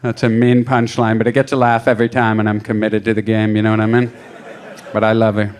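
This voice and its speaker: A man's voice: fairly low pitch, little pitch movement, quick pace, a little mellow. A man in his thirties performing stand-up comedy in a casual, self-deprecating way, acting out voices as he tells stories. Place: comedy club stage.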